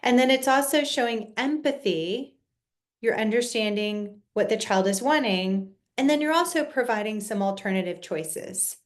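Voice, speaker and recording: A woman counselor calmly explaining parenting boundaries in an educational video, measured and patient, with the occasional restart. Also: a little high. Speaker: child and family counselor.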